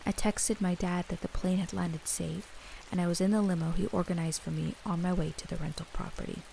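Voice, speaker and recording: Young woman narrator with a gravelly edge, steady read of a creepy story. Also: lowish voice, fairly quick, a little hiss or hum, rough recording. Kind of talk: scripted first-person horror narration.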